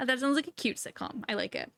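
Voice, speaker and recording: A woman's voice: high voice, creaky, bright, forceful tone. A young woman co-hosting a podcast in casual, playful chat, laughing often and jumping between tangents. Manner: playful, giggly, quick tangents. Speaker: podcast co-host.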